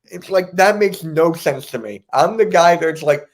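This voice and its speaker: A man with a somewhat high voice chats on a sports podcast. He sounds animated and incredulous and keeps asking why things happened. His tone stays loose and casual. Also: moderate pace. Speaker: podcast host.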